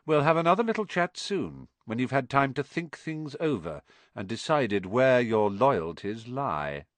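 A man's voice: mid-range voice, sing-song, a little slow, fairly bright tone, dry recording. A man voicing a cold, menacing male teacher who speaks in an icy, clipped way. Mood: icy menace.

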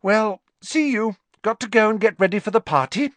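A man voicing a clever teenage girl who talks brightly and with pointed sweetness. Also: high voice, big pitch swings, moderate pace, dry recording, pitched above the performer's own voice. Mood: pointedly sweet. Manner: bright, emphatic, with a put-on giggle.

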